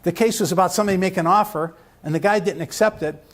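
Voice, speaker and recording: A man's voice: high voice, fast talker. A man giving a live lecture to a room of lawyers, rambling through a joke and asking the audience questions. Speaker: lecturer at a legal education seminar.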